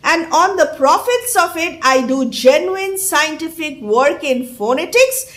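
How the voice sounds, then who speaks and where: A woman's voice: sits high, expressive, measured pace, a bit bright. Woman reading as a boastful professor. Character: haughty middle-aged male phonetics professor.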